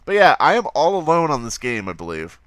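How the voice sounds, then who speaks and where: A man's voice: on the high side, sing-song, brisk, fairly bright tone, dry recording. A man hosting a let's play, giving rambling, profane, wry commentary over gameplay.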